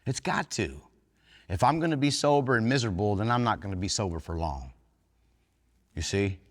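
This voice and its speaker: A man's voice: fairly low pitch, animated, moderate pace. A man giving an earnest, plain-spoken talk at a recovery workshop, folksy and blunt with some cursing. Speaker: workshop speaker in recovery fellowship. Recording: long hall reverb.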